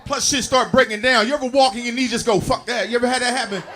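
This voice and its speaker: A man in his forties doing a loud, punchy stand-up routine, acting out voices for his aches. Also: very high-pitched, steady tone, racing, some chatter behind. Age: 40s. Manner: loud, punchy, acts out body parts talking. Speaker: stand-up comedian.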